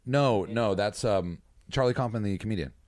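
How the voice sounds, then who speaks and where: A man hosting a podcast, talking casually in a rambling, halting way and often restarting his sentences. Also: lowish voice, darkish tone. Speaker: podcast host. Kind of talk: casual chat.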